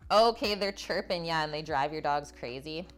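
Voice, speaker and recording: A woman whose voice sits low, speaking at a normal speed, streams herself cooking live in her home kitchen. She pauses between steps to chat with viewers and read their comments out loud.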